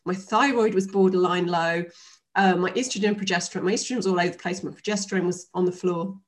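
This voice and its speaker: A woman in her fifties speaks as a guest in a relaxed interview. She tells her story in a chatty, animated way, with plenty of fillers and restarts. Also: lowish voice, fast talker. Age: 50s.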